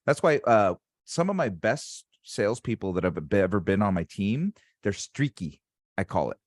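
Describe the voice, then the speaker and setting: A man's voice: on the low side, very animated, moderate pace, dry recording, clean studio sound. A man hosting a casual interview as a sales coach, talking in an emphatic, motivational way. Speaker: sales coach and podcast host.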